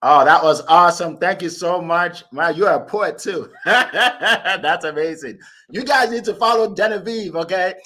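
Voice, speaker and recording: A man hosting a motivational audio call, talking in an upbeat, hyped and casual way, with quick laughs between introductions. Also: sits high, bright, forceful tone. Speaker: host. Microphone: phone or computer on an audio call.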